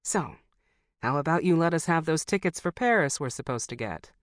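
A woman's voice: sits low, lively intonation, moderate pace, no room sound, studio quality. A narrator voicing a blunt, breezy woman pilot. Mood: frank. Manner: direct, breezy, frank. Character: famous woman pilot, blunt and plain-spoken. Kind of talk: audiobook character voice.

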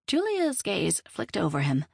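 A woman reading a novel aloud in measured, even storytelling. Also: medium pitch, gravelly, breathy edge, dry recording, studio quality. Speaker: audiobook narrator. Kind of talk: scripted narration of a novel.

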